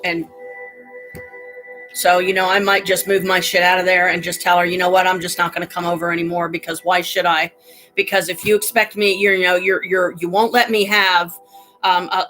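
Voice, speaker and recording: A woman's voice: lowish voice, fairly bright tone, low-quality recording. Angry, profane middle-aged woman ranting. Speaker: livestreamer. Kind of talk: casual venting livestream.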